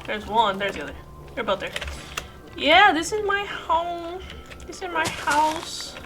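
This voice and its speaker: A woman's voice: sits high, lively intonation, a little slow, music in the background. A woman streamer rambling in casual chat while playing a game, swearing freely and laughing often.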